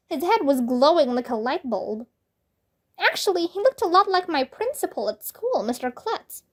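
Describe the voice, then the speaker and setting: A woman reading a children's book aloud in a slow, clear and expressive way. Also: high-pitched. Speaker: storybook reader.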